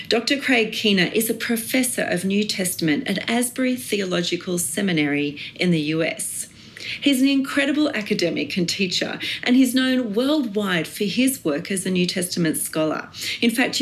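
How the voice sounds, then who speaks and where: A woman hosting a faith podcast, introducing her guest and asking questions in an upbeat way. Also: mid-range voice. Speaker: podcast host and pastor. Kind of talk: podcast interview.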